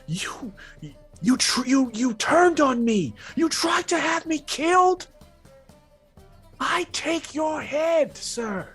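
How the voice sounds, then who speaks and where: A man voicing an enraged male villain shouting threats across a house. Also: very high voice, animated, faint music behind, pitched above the performer's own voice, exaggerated voice. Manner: screaming, drawn-out shouted threats.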